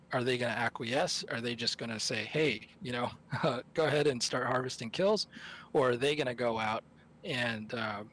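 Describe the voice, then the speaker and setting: Male esports caster, mid-pitched voice, live stream commentary, rambling, self-correcting. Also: bright, forceful tone, a little hiss or hum.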